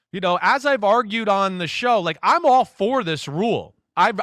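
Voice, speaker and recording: A man in his forties with a high, bright voice tells a story from his playing days, jumping into loud acted-out quotes. The sound is dry and close, with no room around it. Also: dry recording. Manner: animated storytelling, acts out quotes loudly. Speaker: former quarterback, guest. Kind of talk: casual radio interview.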